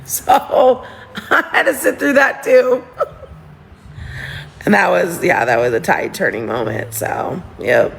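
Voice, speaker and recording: A woman chats to her livestream viewers through her phone, gossiping and giggling as she rambles from one thought to the next. Her voice has a gravelly, fried edge. A faint hiss of noise sits under the recording. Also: lowish voice, huge pitch swings, slow, pauses often. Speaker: livestream host. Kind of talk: casual livestream chat to viewers.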